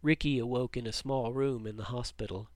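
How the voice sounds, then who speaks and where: A man's voice: mid-range voice, steady tone, brisk, no echo. Man narrating a story, dry sound. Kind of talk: story reading.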